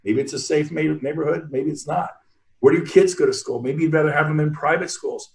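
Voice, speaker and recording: A man's voice: on the high side, brisk, darkish tone. A man on a video call giving an emphatic, motivational panel talk full of stories, often restarting his sentences. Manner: emphatic, fired-up, rambling with restarts. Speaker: real estate brokerage leader, panel host.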